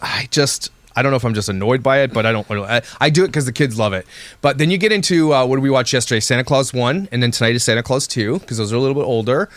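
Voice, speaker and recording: Fast rambly guy chatting on a podcast, mid pitch, really dry mic. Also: no room sound. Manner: rambling, restarts sentences often. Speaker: podcast co-host. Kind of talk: casual chat.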